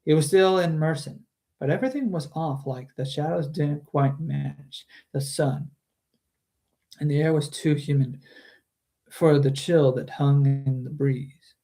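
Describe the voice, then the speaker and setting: Slow, chatty man reading a novel and commenting on it, slightly high voice. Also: steady tone, warm tone. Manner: chatty, with frequent restarts. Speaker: book reader and streamer. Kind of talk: casual book reading with commentary.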